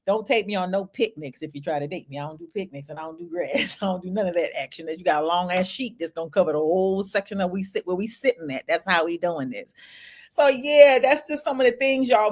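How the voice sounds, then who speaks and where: A middle-aged woman, hosting a livestream in a casual comedic monologue with animated, swearing bursts and laughs. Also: a little high. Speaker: livestream host.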